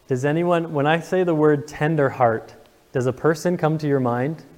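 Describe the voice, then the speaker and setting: A man's voice: fairly high pitch, fairly even intonation, normal speed, darkish tone, in a large hall. A young man preaching a sermon to his congregation, earnest and emotional, asking the room questions. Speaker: pastor. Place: church sanctuary.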